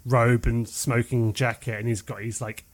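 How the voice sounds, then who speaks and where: A man's voice: medium pitch, flat delivery, normal speed. Chatty man rambling about films. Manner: rambling, trailing off, swearing. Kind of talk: casual film chat.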